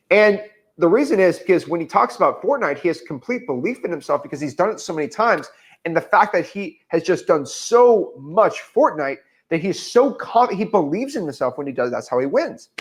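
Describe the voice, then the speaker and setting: A man in his twenties who coaches real estate in casual teaching talk and acts out conversations in an animated way. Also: high voice, moderate pace.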